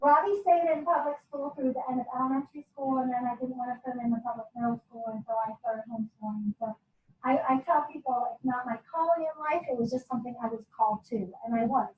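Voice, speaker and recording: A woman's voice: on the high side, fast, lo-fi sound. A middle-aged woman and homeschooling parent, talking candidly to a group in a chatty way and laughing often. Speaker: homeschooling parent sharing her story. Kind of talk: casual talk to a group. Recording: echoey room, mic at a distance.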